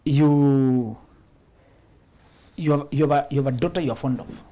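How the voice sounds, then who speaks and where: A man's voice: medium pitch, unhurried, dark tone. A man, hosting a live-streamed interview, who affirms his guest and reads viewer comments aloud. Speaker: host.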